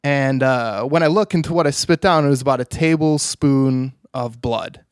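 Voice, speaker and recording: A man's voice: mid-range voice, normal speed, clear, resonant tone, no room sound, studio quality. A man, an interview guest, telling a personal story in an earnest, rambling way with many "you know"s.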